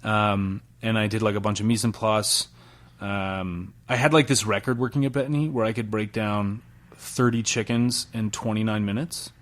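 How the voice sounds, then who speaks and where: A chef in his thirties from Salt Lake City, Utah, speaks at a moderate pace in a lowish voice as a podcast guest. He tells stories casually in the interview, relaxed, with many fillers, laughter and the odd swear.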